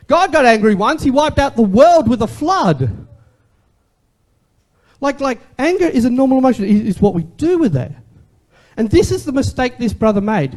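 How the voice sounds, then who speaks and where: A man preaching to his congregation in a loose, conversational sermon. His voice sits high and leaps all over the place with a lively energy. He keeps turning rhetorical questions back on his listeners. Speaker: pastor.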